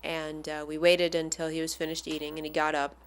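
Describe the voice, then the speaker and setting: A woman casually telling a personal anecdote as a fan, animated and acting out the people she quotes. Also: low-pitched, a little fast, clear, resonant tone. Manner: animated, acts out the voices of the people in her story.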